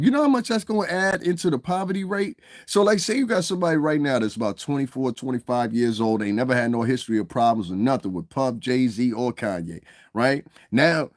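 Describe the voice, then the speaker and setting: A man's voice: medium pitch, a little mellow, no room sound, clean studio sound. Angry, profane middle-aged man ranting. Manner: heated, profane, emphatic, repeats "you understand what I'm saying". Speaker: commentary vlogger.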